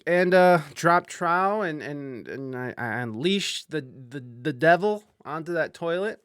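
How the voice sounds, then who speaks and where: A man hosting a podcast, casually telling a profane story with loud panicked outbursts and asides to live-stream viewers. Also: a little high, unhurried, few pauses, smooth, dry recording, clean studio sound. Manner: animated, profane, swings into loud panicked outbursts when quoting himself. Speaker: podcast host.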